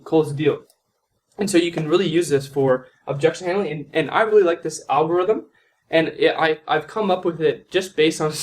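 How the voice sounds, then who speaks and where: Guy teaching sales, kinda high voice, chill and chatty, acts out calls, light hiss in the background. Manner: loose and conversational, lots of "man" and "like", role-plays sales calls. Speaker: sales coach. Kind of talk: casual teaching monologue.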